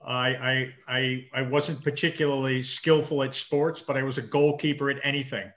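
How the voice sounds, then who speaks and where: A man in his fifties, a marathon swimmer interviewed over a video call, talking with halting restarts and dry understated humor. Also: medium pitch, steady tone, a bit bright. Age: 50s. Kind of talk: casual interview chat.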